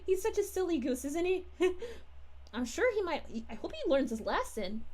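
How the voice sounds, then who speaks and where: A woman's voice: very high-pitched, very animated, normal speed, darkish tone. A woman voicing a sweet, bubbly young princess who chats with her livestream audience, gushing and giggly in a sing-song way. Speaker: character streamer reading chat. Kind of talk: in-character livestream chat.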